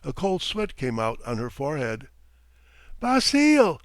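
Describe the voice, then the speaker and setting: With a medium-pitched voice and no echo on the recording, an audiobook reader delivers a classic short story. His narration is measured and expressive.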